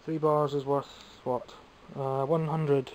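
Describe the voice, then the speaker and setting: A man's voice: mid-range voice, level tone, slow, background noise. Rambling Scottish man showing toys. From Scotland. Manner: chatty, rambling, self-mocking. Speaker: toy collector vlogger. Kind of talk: casual show-and-tell vlog.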